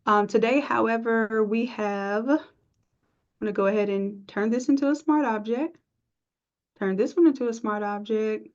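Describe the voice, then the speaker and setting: A woman teaching a live software design class, chatty and encouraging, thinking aloud as she works. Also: a little high, moderate pace. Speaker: design instructor. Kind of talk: live screen-share tutorial. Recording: dull lo-fi stream audio.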